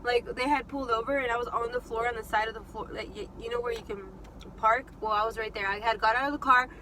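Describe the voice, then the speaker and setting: Chatty high bright-voiced young woman. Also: quick pace, slight background noise, poor audio. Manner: chatty, animated, lots of fillers. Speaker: vlogger. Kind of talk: casual storytelling while eating.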